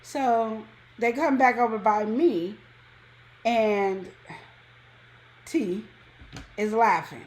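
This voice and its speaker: A woman casually telling a personal story on a talk show, acting out quotes with sudden high jumps in pitch. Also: extremely slow, pauses often. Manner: animated, acts out quotes with big pitch jumps. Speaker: co-host.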